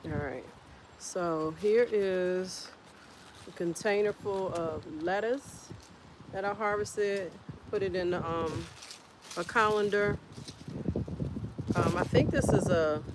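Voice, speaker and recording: A woman hosting a casual homestead live stream outdoors, chatting in an unhurried way and greeting viewers by name. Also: fairly low pitch. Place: outdoors in a windy garden. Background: faint wind and outdoor ambience.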